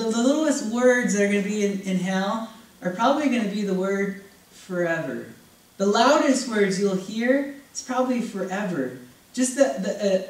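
A woman preaching a sermon to a congregation in a conversational, animated way, often acting out what people might say. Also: a little high. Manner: animated, acts out quoted voices, conversational with congregation. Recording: echoey room, voice from far off.

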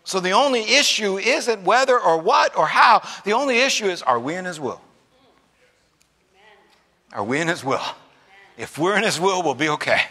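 A man's voice: sits high, animated, moderate pace, long pauses, bright, forceful tone, slightly rough, long reverb tail. A middle-aged man preaching a sermon, using repetition, humorous asides and rising fervor. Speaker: pastor. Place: large church sanctuary.

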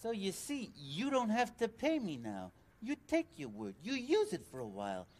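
A man's voice: high voice, huge pitch swings, moderate pace, a little mellow, heavily acted. A man voicing a shifty small-time street hustler with wheedling sales patter. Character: sleazy small puppet street hustler selling words.

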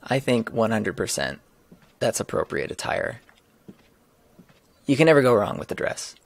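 A man's voice: on the low side, big pitch swings, moderate pace, vocal fry. A man casually joking and laughing as he comments on a video game while streaming.

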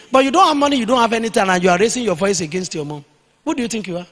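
A man preaching a sermon as pastor, emphatic and at times dictating his points slowly for notes. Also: high voice, expressive, fairly bright tone, long reverb tail. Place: church hall.

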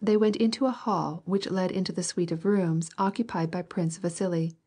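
Low, husky woman narrating a classic. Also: steady tone, normal speed, dark tone. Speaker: audiobook narrator. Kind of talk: scripted narration of a classic novel.

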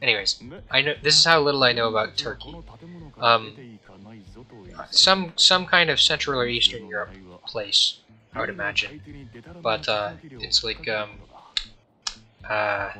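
A man's voice: mid-range voice, normal speed, pushed and bright, rough recording. A young man casually commenting while playing a game, rambling and joking, often mumbling and trailing off. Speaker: gameplay streamer.

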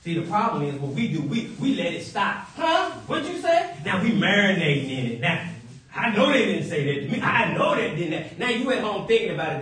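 A man preaching a sermon, animated and playful, breaking into high whoops and chuckles. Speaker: pastor. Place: church sanctuary. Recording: echoey church from a distant mic.

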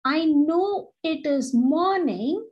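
A woman's voice: high-pitched, lively intonation, extremely slow, dull audio, pitched above the performer's own voice, heavily acted. A woman voicing a grumpy, sleepy female millipede in a children's story, with a whiny, exclaiming voice.

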